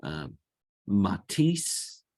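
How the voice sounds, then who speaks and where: Slow, low-voiced male teacher. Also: big pitch swings, warm tone, no room sound. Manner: slow, repeats each word to model pronunciation. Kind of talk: screen-recorded lesson.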